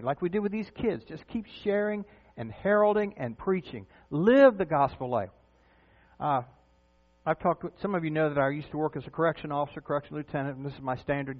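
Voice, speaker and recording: Male pastor, middle-aged, chatty sermon style, narrow phone-like sound with a low hum. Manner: conversational preaching with questions to the congregation.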